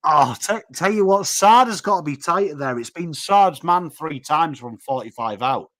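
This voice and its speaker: Man, English accent, slightly high voice, live watchalong host, animated, cheering and chatting with viewers. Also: moderate pace. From England. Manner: animated, jumps between cheering the team and greeting viewers. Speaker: livestream host. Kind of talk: live watchalong commentary and chat replies.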